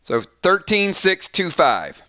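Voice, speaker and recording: Chatty male game master with a bright, crisp voice, easygoing stream talk. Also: high-pitched, big pitch swings, slow pace. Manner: chatty, tallies numbers aloud. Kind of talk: casual live-stream chat running a role-playing game.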